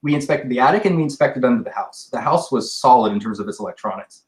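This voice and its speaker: A man's voice: mid-range voice, animated, fast talker. Echoey-voiced man explaining at length. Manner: rambling, explains with restarts. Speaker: paranormal investigator guest. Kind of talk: casual podcast discussion.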